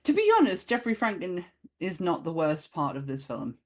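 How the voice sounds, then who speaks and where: A woman co-hosting a relaxed film podcast. Her voice sits a little low, and she talks in a loose, chatty way, laughing readily and cursing freely. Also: moderate pace. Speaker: podcast co-host. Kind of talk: casual film chat.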